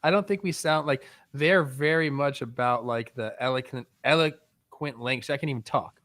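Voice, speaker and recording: A man's voice: mid-range voice, moderate pace, fairly bright tone, dry recording. A man co-hosting a baseball talk show, laid-back and chatty, often saying "like" and hedging. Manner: laid-back, uses "like" a lot. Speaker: sports talk show co-host. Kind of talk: casual sports talk.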